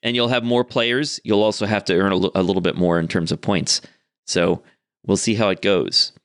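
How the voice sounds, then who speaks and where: A man running a tabletop game, wrapping up the session with his players in casual chat, relaxed and chuckling. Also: low voice, moderate pace, smooth, no echo, studio quality. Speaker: game master.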